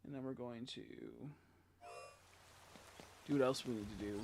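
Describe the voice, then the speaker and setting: A man streaming a video game live, muttering to himself as he plays, swearing a lot and breaking into frustrated shouts. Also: medium pitch, steady tone, moderate pace, a little hiss or hum. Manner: mutters and talks to himself while playing. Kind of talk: live gameplay commentary.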